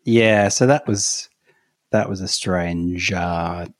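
Lower-voiced Australian man, dry home mic. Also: slow pace, no room sound. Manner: laughs often, relaxed storytelling. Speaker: podcast co-host. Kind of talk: casual comedic chat. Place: home office.

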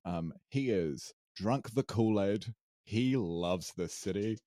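A co-host who also plays the game recaps a tabletop session in a casual, hesitant ramble packed with fillers and laughter. His voice is on the low side, slow and mellow, in studio-quality sound with no room sound.

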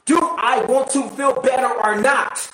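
Man, high voice, blunt, preachy, swears, motivational monologue, echoey room. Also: steady tone, measured pace, fairly bright tone. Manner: asks the listener direct questions. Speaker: motivational speaker. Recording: roomy echo.

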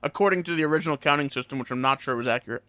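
Man, podcast co-host, teasing, quick talker, slightly high voice, dry sound. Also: fairly bright tone, dry recording. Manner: teasing and fast-talking. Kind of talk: casual chat.

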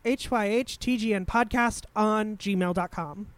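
A young woman co-hosting a podcast in casual chat, quick and offhand. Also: mid-range voice, noisy background. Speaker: podcast co-host.

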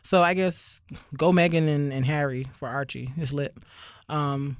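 A young man from Barbados hosts a podcast in loose, casual chat. He rambles and keeps a sardonic edge, padding his thoughts with ums and likes. His voice sits on the higher side for a man, and the recording is dry and close. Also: unhurried, clear, resonant tone, no echo. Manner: sardonic, rambling, heavy on fillers. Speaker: podcast host.

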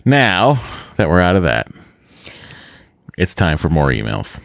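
A male podcast co-host from the Boston area chats in a rambling, self-mocking way, full of restarts. His voice is low but swings widely in pitch. The mic is close and dry. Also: wildly swooping pitch, unhurried, creaky, no echo. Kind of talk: casual chat.

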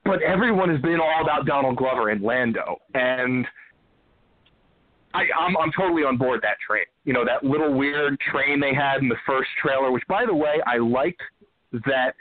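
A man calling in to a show, chatting casually and joking, with halting restarts. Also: medium pitch, animated. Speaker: caller. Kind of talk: casual call-in chat. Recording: tinny phone line.

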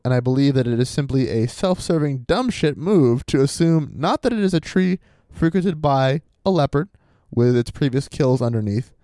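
A man chats through a podcast story with wry, sarcastic asides, reading his sources aloud as he goes. His voice is mellow and swings widely in pitch. The sound is dry and close. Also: lively intonation, moderate pace, few pauses, dry recording. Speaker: podcast co-host.

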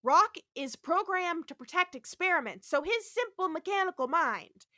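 A pushy male scientist brags about his great science and brushes off the deaths it caused, as a woman mocks him. The voice is high and bright, recorded dry and close. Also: animated, normal speed, no echo, heavily acted. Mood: boastful. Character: pushy male scientist, boastful and self-justifying.

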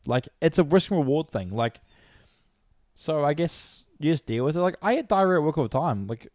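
Brief: young male co-host, animated sweary storyteller, dry close mic. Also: fairly high pitch, a little fast, no room sound. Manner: swears freely, retells stories with mimicked voices. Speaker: podcast co-host. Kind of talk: casual crude banter.

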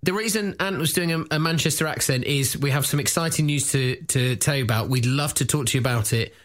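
A man co-hosting a comedy podcast, teasing his partner and plugging a gig in casual banter. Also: a little high. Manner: playful, teasing, quick plugs.

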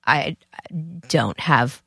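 A woman's voice: very deep voice, drawn-out words, vocal fry, sharp tone, breathy edge, dry recording. A woman in her forties, from the US East Coast, chatting casually as a podcast guest, self-deprecating and full of restarts. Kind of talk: casual chat.

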